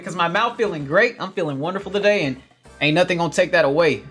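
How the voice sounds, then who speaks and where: A man hosting a casual gardening livestream, reading viewer comments with energetic, upbeat chatter, often laughing and calling his viewers family. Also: high-pitched, fairly quick, slightly rough, soft background music.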